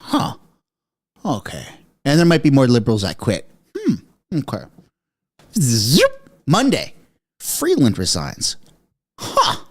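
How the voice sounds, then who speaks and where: A man reacting live to breaking news from his basement, excitable and out of breath, yelling one moment and muttering the next. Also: medium pitch, slow, long pauses. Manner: excitable, shouting, swinging from frantic to muttering. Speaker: political commentary streamer. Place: home basement.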